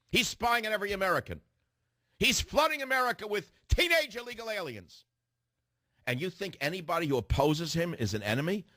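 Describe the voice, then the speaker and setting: A man's voice: high voice, sharp tone, dry recording, studio quality. A man hosting a political radio commentary, ranting fiercely, firing rhetorical questions and repeating phrases for emphasis. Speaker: radio talk show host.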